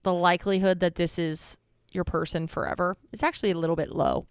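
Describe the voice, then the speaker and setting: A woman's voice: lowish voice, steady tone, brisk, smooth, no echo, studio quality. Playful young woman podcast co-host. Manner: playful and jokey, gives confident advice. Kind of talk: casual chat.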